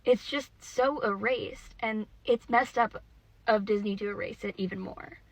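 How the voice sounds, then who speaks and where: A woman's voice: medium pitch, a little slow, no room sound, poor audio. A woman giving blunt, rambling opinions in casual chat, with lots of fillers.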